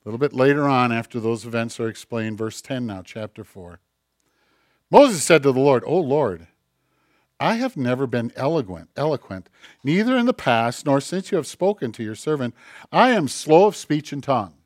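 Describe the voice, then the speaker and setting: A man preaching a sermon, acting out voices and swinging between loud emphatic lines and hushed asides. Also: mid-range voice, big pitch swings, moderate pace, no room sound, clean studio sound. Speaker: pastor.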